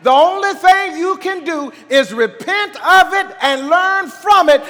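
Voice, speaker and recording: A man with a very high voice preaches a sermon, rising into shouts and dropping back to near-conversational lows. He keeps calling on the congregation to answer him. His voice rings through a church with a long echo. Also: animated, a little slow. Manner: call-and-response preaching, swinging from quiet to shouting. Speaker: pastor.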